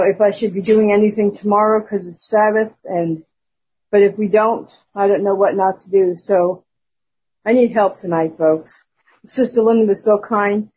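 A church member giving a spoken testimony on an online prayer service, talking earnestly and haltingly over a phone. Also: medium pitch, slight background noise. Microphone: phone on a call. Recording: muffled lo-fi call audio.

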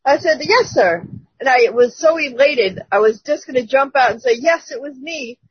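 Woman, churchgoer giving a testimony, breathy and raspy, storytelling with little laughs, lo-fi dry line. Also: high voice, expressive, normal speed, no echo. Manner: chatty storytelling, laughs between phrases. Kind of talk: casual spoken testimony.

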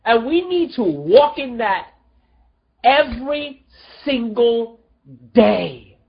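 A preacher delivering an emotional, pleading sermon full of rhetorical questions, dropping low and soft at tender moments. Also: sing-song, slow pace, creaky, dull audio.

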